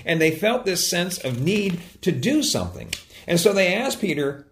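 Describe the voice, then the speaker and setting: A man's voice: moderate pace, slight background noise. A man preaching a sermon, telling a joke story and then teaching, with frequent small restarts. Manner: storytelling with lively pitch swings and small restarts. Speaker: pastor.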